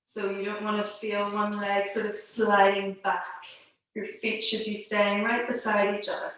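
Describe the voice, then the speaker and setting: A woman teaching a live online pilates class from home over a video call, calmly giving cues and counting down holds, a little out of breath. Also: medium pitch, measured pace. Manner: calm instructing, counting holds aloud. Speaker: pilates instructor. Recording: echoey room, distant mic.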